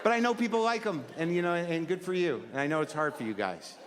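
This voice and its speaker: A middle-aged man doing a neurotic, rambling stand-up routine on a club stage, exasperated and prone to sudden shouted outbursts, with audience laughter behind him. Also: a little high, animated, fast. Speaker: stand-up comedian. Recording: live club recording with long reverb and noise.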